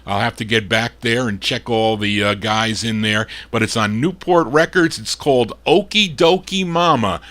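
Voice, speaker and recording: A man hosting a live oldies record show, gruff and fed up as he grumbles between detailed introductions of the records he spins. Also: medium pitch, normal speed, hardly any pauses, a bit bright. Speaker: radio show host and record DJ.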